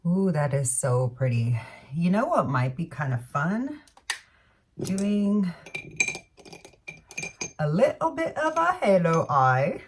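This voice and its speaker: A woman's voice: low-pitched, a little mellow, recorded from a distance, a little hiss or hum. A woman beauty vlogger talking casually through her makeup routine, rambling and correcting herself with murmured asides. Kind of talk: casual makeup tutorial chat.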